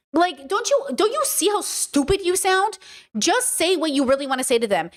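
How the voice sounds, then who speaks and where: A woman's voice: very high-pitched, very animated, moderate pace. A woman hosting a casual livestream, ranting bluntly with frequent swearing and answering questions from chat. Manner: blunt, swears, rants heatedly. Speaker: streamer and podcast host.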